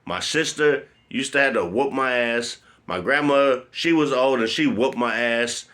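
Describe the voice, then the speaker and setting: A man telling a personal story in a blunt, profane, animated way. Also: medium pitch, measured pace. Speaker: vlogger.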